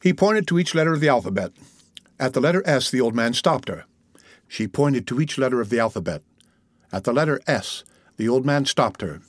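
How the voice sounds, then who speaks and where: A man reads a classic novel aloud in a measured, even way. His voice sits at a typical middle pitch. The recording is close and dry, with no room sound. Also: no room sound. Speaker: audiobook narrator. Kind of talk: scripted narration of a classic novel.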